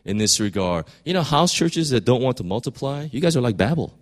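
A man's voice: mid-range voice, animated, fairly quick, few pauses. A man preaching a sermon in a conversational way, often repeating words and rising to emphatic peaks. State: voice straining, clearing throat. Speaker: pastor.

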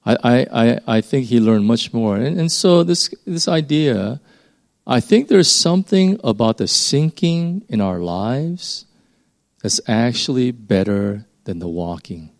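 A man delivers a loose, conversational sermon in a mid-range voice. He rambles and restarts often, then lifts his pitch sharply to stress a point. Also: lively intonation, unhurried, gravelly. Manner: informal, rambling, emphatic rises. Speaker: preacher.

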